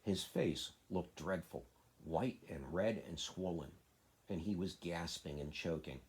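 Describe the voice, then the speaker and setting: Deep husky father reading a storybook. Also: unhurried.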